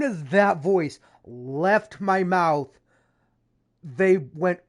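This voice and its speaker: A woman's voice: lowish voice, very slow. A woman streamer chatting casually over gameplay, rambling with frequent fillers and self-corrections. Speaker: gaming streamer.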